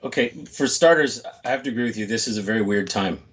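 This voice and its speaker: A man's voice: lowish voice, quick pace, fairly bright tone. Forties guy, speaker type, chatty and reflective, audio a bit muffled. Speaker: motivational speaker. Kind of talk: casual interview chat.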